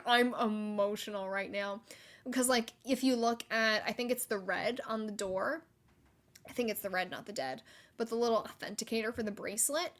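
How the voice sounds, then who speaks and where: A young woman hosting a solo gaming podcast, chatty and excitable, with frequent likes and laughter. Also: a little high. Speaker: podcast host.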